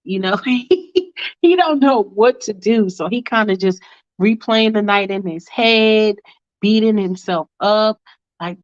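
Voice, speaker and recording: A woman's voice: mid-range voice, unhurried. A woman casually telling a fanfiction story aloud, with slangy, chatty asides. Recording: dull lo-fi recording.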